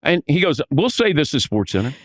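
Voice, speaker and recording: A man telling animated anecdotes as a podcast guest, acting out the voices of the people in his stories. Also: a little high, fairly quick, no room sound, clean studio sound. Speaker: podcast guest, veteran sportscaster. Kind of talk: casual storytelling.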